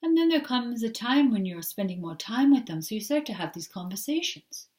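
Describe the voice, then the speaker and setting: Gentle spirit speaking as "we", channeled by a woman. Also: a little high, far from the mic. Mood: calm. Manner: calm, unhurried, explanatory, speaks as "we". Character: gentle collective spirit, genderless, patient teacher. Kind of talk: trance channeling talk.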